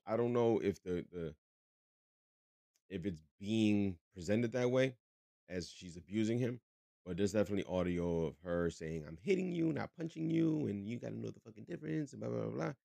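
A man with a very low voice talks his way through a podcast monologue. He swears freely, restarts his sentences and leans on fillers. The recording is dry and close-miked. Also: a little mellow, no room sound. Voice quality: rambling, profane, full of fillers and restarts. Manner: joking about a tense topic. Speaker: podcast host. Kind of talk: casual monologue.

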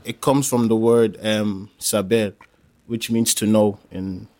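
A man's voice: lowish voice, steady tone, takes it slowly, mellow. A man co-hosting a podcast, explaining at length in casual chat with many fillers and restarts. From Nigeria. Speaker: podcast co-host.

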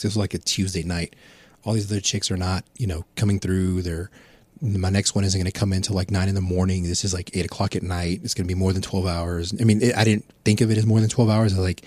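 A middle-aged man with a husky, somewhat low voice tells a rambling, profane story, laughing at his own tale. The recording is dry and close. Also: a little mellow, no echo. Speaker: podcast guest. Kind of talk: casual storytelling.

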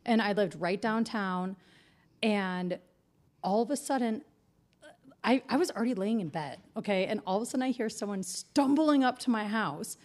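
A woman from the United States co-hosting a podcast, telling a story in an animated way, swearing freely and laughing as she goes. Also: medium pitch, moderate pace. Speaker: podcast co-host. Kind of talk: casual chat, storytelling.

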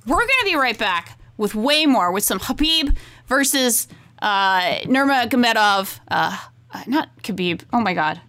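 A woman co-hosting a podcast, chatting casually in a gushing, excitable way and swearing freely. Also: a little high, unhurried. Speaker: podcast co-host. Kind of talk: casual chat.

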